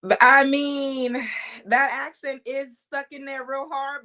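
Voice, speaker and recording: A woman's voice: sits high, fairly even intonation, slow, a crowd in the background. A young woman, a wrestling champion, talking confidently in a casual interview, trash-talking her opponents between fillers and restarts.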